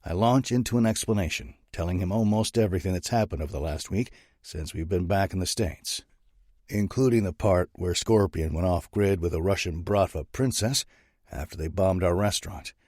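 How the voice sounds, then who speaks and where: Deep-voiced male audiobook narrator. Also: moderate pace, a little mellow, no room sound, clean studio sound. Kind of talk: first-person audiobook narration.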